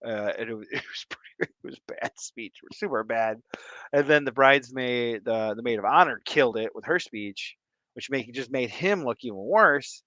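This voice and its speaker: A man's voice: mid-range voice, normal speed, pushed and bright, no echo. A man vlogging who tells a rambling, casual story and laughs often mid-sentence. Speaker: fish-keeping vlogger.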